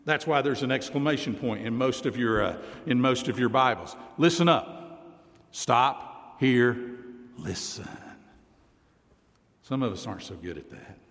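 A man preaching a sermon as pastor, reading scripture aloud and slowing down, dropping his voice low to stress key words. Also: fairly bright tone, big-room sound. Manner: deliberate preaching, slows and drops low for emphasis, reads scripture aloud.

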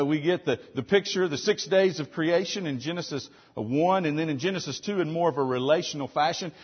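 A man preaching a sermon as pastor, asking rhetorical questions and driving points home with emphasis, loud one moment and soft the next. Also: a little high, breathy edge, dull audio.

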